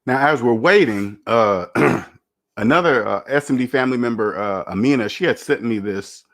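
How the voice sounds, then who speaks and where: A man's voice: medium pitch, moderate pace, fairly bright tone. A man hosting a casual finance livestream, lecturing emphatically and repeating his points. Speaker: personal finance YouTuber.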